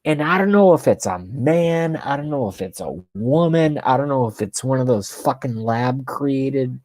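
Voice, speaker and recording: A man's voice: medium pitch, expressive, normal speed, dry recording. Profane, agitated man ranting to a webcam. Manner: agitated and profane, swinging between shouting and hushed whispers. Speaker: channel host ranting on camera. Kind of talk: comic political rant.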